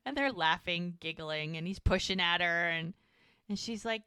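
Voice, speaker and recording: A woman's voice: lowish voice, smooth, dry recording. A woman co-hosting a podcast, casually recapping an episode and acting out the characters' lines. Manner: animated retelling, acting out lines in quick quotes. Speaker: podcast co-host.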